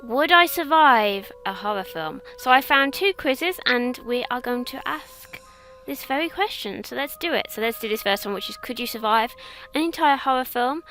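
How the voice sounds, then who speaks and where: A woman's voice: high voice, lively intonation, moderate pace, sharp tone, soft background music. A young English woman from England chatting casually as she takes online quizzes, rambling and poking fun at herself. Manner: chatty, rambling, self-mocking. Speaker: YouTuber. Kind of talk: casual quiz commentary.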